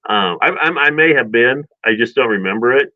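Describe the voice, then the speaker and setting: A man's voice: mid-range voice, animated, fairly quick, no room sound, phone-quality sound. A man co-hosting a radio show, telling a long rambling childhood story in casual chat and acting out family quotes. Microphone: studio microphone.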